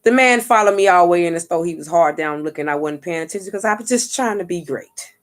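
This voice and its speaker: A lowish, quick-paced woman's voice belongs to a vlogger and spiritual reader recounting a story casually. Cursing freely in street talk, she animatedly acts out what people said and keeps checking with viewers: "you get what I'm saying."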